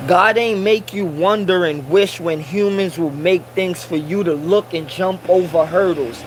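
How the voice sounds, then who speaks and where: Slow, high-voiced preachy man. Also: slight background noise, rough recording. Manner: preachy, repeats points for emphasis; Rasta slang and Caribbean English grammar. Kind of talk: casual monologue.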